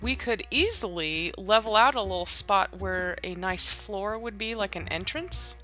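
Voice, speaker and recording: A woman's voice: medium pitch, unhurried, pushed and bright, soft background music. A woman chatting casually while playing a building game, musing aloud with hesitant asides and giggles. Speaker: Minecraft let's-play host. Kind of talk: casual gameplay chat.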